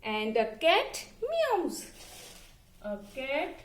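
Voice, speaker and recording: A woman teacher talks through a lesson at a very slow, deliberate pace. Her pitch sits a little high and swings widely, climbing sharply whenever she imitates an animal. She often spells words out letter by letter. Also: huge pitch swings. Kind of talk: online class lesson.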